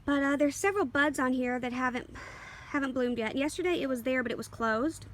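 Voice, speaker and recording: Filming on a handheld camera, a woman with a somewhat high voice gives a casual tour of her home garden, rambling at an easy pace with plenty of ums and quick little apologies. Faint outdoor ambience and passing planes sit behind her, along with a little hiss or hum.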